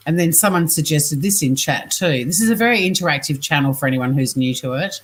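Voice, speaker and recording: A woman's voice: low-pitched, expressive, brisk, few pauses. An Australian woman hosting a casual livestream, reading scam messages and chat aloud, chatty, laughing often and swearing freely. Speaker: scambaiting livestream host.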